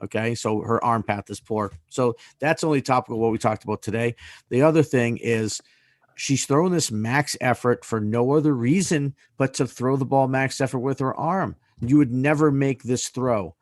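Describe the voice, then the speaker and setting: A man's voice: mid-range voice, moderate pace, no room sound. A man co-hosting a podcast, explaining methodically point by point. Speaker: podcast co-host. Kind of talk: casual podcast discussion.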